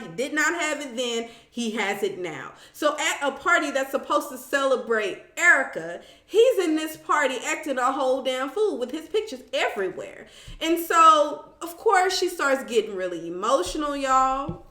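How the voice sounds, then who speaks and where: Woman chatting on her live stream, high bright voice, echoey room. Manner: chatty and animated, talks straight to viewers, reads comments aloud. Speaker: live-stream host recapping a reality show. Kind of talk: casual live-stream chat.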